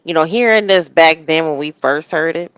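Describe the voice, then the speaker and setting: A woman's voice: low voice, moderate pace, a bit bright, clean tone, no echo, lo-fi sound. Woman co-host, rambling commentary, dry mic. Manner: rambling, hesitant starts. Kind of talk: casual commentary.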